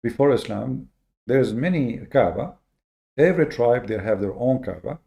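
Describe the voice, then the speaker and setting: A male host with a medium-pitched, gravelly voice gives a lecture-like monologue, his tone dark and mellow but his intonation lively. He slowly and deliberately emphasizes key words, stumbling over fillers and repetitions. The high frequencies are cut off.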